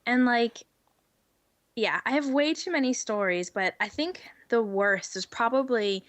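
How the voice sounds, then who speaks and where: A young adult woman, a guest, telling stories in casual chat, animated and giggly with lots of fillers. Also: on the high side, a little slow, no room sound.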